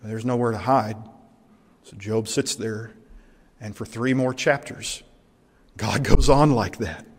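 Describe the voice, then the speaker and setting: A man preaching a sermon as a pastor, earnest and emphatic, slowing down to drive home his key points. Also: on the low side, breathy edge. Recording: long hall reverb.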